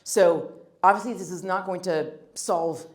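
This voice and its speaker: A woman's voice: fairly low pitch, measured pace. Emphatic woman speaker in echoey room. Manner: emphatic, blunt, joking asides. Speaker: guest speaker on first impressions. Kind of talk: workshop talk with audience Q&A. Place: meeting room. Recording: roomy room echo.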